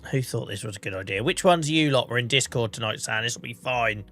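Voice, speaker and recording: A man's voice: mid-range voice, animated, fast talker, a bit bright, faint music behind. A man in his forties with a Norfolk accent, chatting casually while live-streaming a farming game, under the weather and coughing, swearing and joking at his own expense. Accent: Norfolk English. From England. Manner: chatty, swearing, self-mocking.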